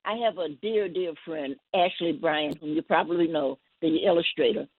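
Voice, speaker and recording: A woman poet guesting on a call-in show, telling a story in a gentle, rambling way with many restarts. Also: sits low, normal speed, husky. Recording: tinny phone line.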